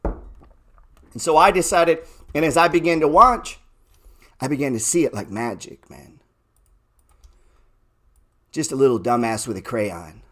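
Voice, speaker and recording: A man giving a trading talk, cursing often and firing rhetorical questions, swinging between loud bursts and low murmurs. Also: measured pace, pauses often. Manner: profane, emphatic, rhetorical questions. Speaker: trading educator. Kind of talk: motivational talk.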